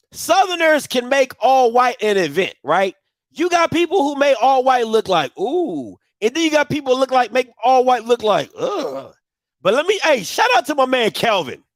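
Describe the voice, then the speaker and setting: Spinning a tale in relaxed conversation on his live show, a man who hosts a podcast speaks with animation, alternating loud bursts with hushed murmurs.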